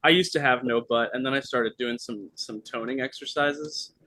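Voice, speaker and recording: A man's voice: mid-range voice, normal speed, bright, forceful tone, no room sound, rough recording. A man chatting casually on a video call, making wry jokes as a player in a tabletop game. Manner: wry, joking. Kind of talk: casual chat.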